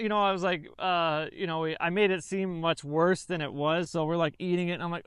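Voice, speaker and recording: An army veteran recounts a training story in a loose, rambling way, circling back and correcting himself as he goes. His voice sits high and sounds smooth and clear. The recording is dry and close. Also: steady tone, quick pace, hardly any pauses, fairly bright tone, dry recording. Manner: rambling, filler-heavy, self-correcting. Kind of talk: casual storytelling.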